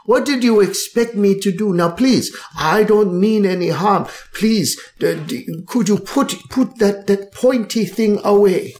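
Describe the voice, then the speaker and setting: Man voicing a tavern bartender, fussy, indignant, high-pitched, flustered, tabletop game voice. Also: a little slow, few pauses, darkish tone. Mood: flustered pleading. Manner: blustering, then pleading and flustered.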